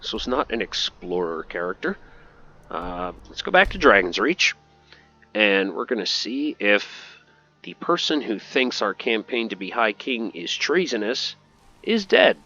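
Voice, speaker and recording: A chatty man narrating his gameplay in a playful, jokey manner, with a forceful, bright-edged voice that sits a little low. The recording is dull and lo-fi, with game music playing faintly behind him. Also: very animated, a little slow. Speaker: gameplay commentator. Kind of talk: casual gameplay commentary.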